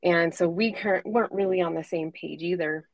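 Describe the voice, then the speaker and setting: A woman's voice: on the low side, normal speed, no echo, low-quality recording. A woman in her forties, a guest life coach for mothers, telling a candid personal story in an earnest way, with frequent ums and self-corrections. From United States.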